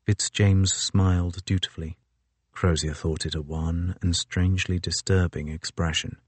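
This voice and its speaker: A man reading a novel aloud as the narrator, in a measured, even storytelling manner on a close microphone. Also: low voice, dry recording. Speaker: audiobook narrator. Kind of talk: scripted narration.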